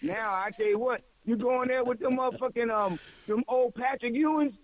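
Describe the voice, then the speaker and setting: A man co-hosting a casual podcast, ranting loudly with lots of profanity. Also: very high-pitched, steady tone, fairly quick, poor audio. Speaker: podcast co-host.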